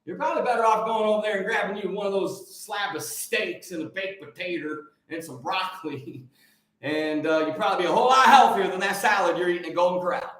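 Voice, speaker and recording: A man hosting a casual livestream chat, excitable and energetic, often repeating words for emphasis. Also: high voice, a little fast, heavy reverb. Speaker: livestream host.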